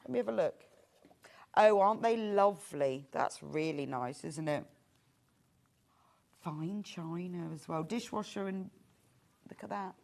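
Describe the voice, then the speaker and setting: A woman's voice: lowish voice, measured pace, vocal fry, long pauses, darkish tone. A woman from Bath hosting a live shopping show, bubbly and chatty with frequent laughter. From Bath, England.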